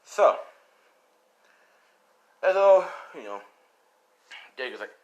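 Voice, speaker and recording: A man's voice: fairly high pitch, sing-song, takes it slowly, slight background noise. A man casually retelling a fan story, rambling and swearing as he goes. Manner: rambling, profane, laid-back. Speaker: storyteller youtuber.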